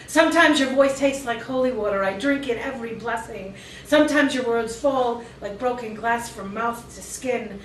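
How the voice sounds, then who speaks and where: High-voiced woman performing spoken-word poetry. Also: slight background noise. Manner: intense, rhythmic performance delivery with chatty asides. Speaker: featured poet. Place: cafe performance space, live audience. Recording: echoey room recorded from a distance.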